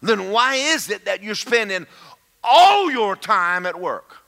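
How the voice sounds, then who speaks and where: Man, preacher, animated sermon, bright tone, lively pitch. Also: takes it slowly, gravelly. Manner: animated, emphatic, calls out to the congregation. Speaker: pastor.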